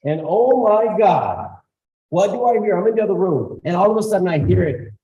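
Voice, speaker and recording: A man's voice: high-pitched, normal speed, highs cut off. A man giving a storytelling talk to school staff, acting out the people in his stories. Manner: animated storyteller, acts out voices. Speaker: guest speaker. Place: school auditorium.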